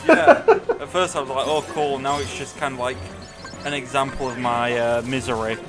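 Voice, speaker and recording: A man's voice: medium pitch, expressive. A man co-commentating a video game playthrough in casual chat, sarcastic and given to swearing. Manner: sarcastic, swearing, slow and deliberate. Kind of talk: casual let's play commentary. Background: game music.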